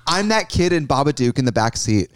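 A young man co-hosting a casual podcast chat, joking and breaking into loud laughter. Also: fairly high pitch, big pitch swings, a little fast, heavy background noise. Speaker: podcast co-host.

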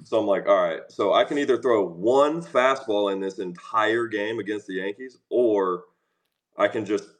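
A man's voice: fairly low pitch, moderate pace. A man guesting on a podcast, telling easygoing anecdotes and laughing as he goes. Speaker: guest, pro pitcher. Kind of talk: interview chat.

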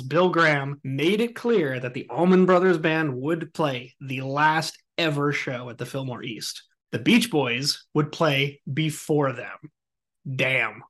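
A man hosting a podcast, telling a story in a casual, animated and joking way. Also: on the high side. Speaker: podcast host.

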